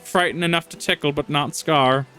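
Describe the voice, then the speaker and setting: A man's voice: fairly high pitch, steady tone, moderate pace, bright, forceful tone, pitched above the performer's own voice, poor audio. A sly, pompous witch with a pumpkin for a head, as a man puts her on in a villainous male register. Her speech is grand and scheming, with light game music faint behind. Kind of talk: reading game dialogue aloud.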